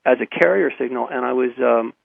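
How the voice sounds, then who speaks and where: A man guest telling a personal story in a radio interview, halting and repeating his words, with frequent chuckles, over a phone line. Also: mid-range voice, gravelly, dry recording.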